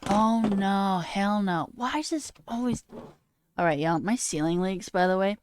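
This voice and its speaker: A woman streamer ranting in a casual, animated way, swearing and mocking voices in quotes. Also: medium pitch, measured pace, clear, resonant tone. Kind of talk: casual live-stream rant. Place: home room.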